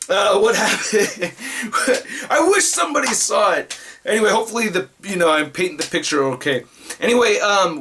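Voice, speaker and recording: Brief: young male vlogger, slightly high voice, lively and jokey, faint noise. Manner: animated, jokey, loud greetings. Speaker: vlogger, toy collector. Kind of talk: casual chat to camera. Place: collectibles room at home.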